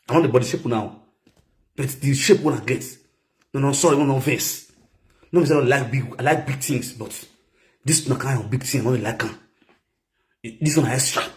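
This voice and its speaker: A man talking in a rambling, casual monologue, swinging between low muttering and loud exclaiming. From Nigeria. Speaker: social media personality.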